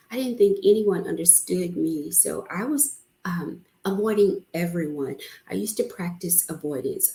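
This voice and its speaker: A woman's voice: on the low side, warm tone. A woman hosting a podcast, talking candidly and earnestly to her listeners in a conversational way, with frequent ums and restarts. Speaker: podcast host. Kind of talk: personal podcast talk to listeners. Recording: echoey room.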